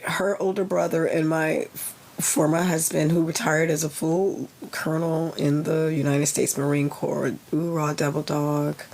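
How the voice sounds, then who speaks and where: Creaky, husky middle-aged woman chatting live. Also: low-pitched, level tone, moderate pace, darkish tone. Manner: rambling, digressive and heartfelt. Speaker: yoga teacher and author. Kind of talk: casual live-stream chat. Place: lying in a sauna bag at home.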